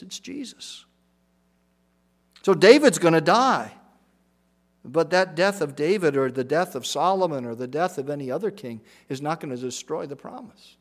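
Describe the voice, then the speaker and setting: Emphatic male preacher, fairly high voice. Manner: emphatic, repeats key phrases, rises and drops in volume. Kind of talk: expository sermon.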